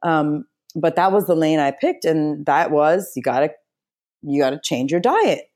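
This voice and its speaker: A woman telling a personal story as an interview guest, chatty and expressive, with frequent fillers and restarts. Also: deep voice, moderate pace. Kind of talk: casual storytelling in a conversation.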